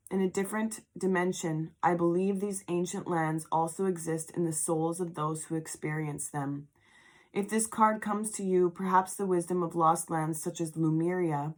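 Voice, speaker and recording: A woman doing a tarot reading in an emotional spiritual vlog, reading card text slowly and breaking into heartfelt asides. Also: fairly low pitch. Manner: murmured affirmations. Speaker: tarot reader.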